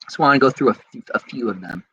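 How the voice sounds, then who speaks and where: Excitable, bright-voiced man rambling. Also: mid-range voice, fast talker, slightly rough, dry recording, highs cut off. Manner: excitable and rambling, with frequent restarts. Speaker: podcast host. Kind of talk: casual chat answering viewer comments.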